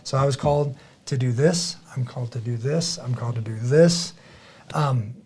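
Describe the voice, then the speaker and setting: At a normal speed and medium pitch, a middle-aged man with a slightly rough voice hosts a podcast. He tells his stories earnestly in casual talk, bringing them to life by performing the quotes.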